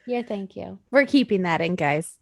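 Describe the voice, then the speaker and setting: A woman's voice: medium pitch, expressive, normal speed, gravelly, darkish tone, dry recording. A young woman co-hosting a casual podcast chat, self-deprecating and swearing, laughing often and acting out her own quotes. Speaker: podcast co-host.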